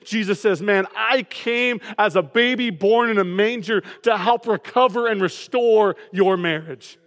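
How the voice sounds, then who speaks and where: A man in his thirties preaching a sermon as pastor, telling stories with animated bursts of excitement. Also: high voice, normal speed, hardly any pauses. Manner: animated storytelling, sudden excited shouts. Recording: long reverb of a large hall.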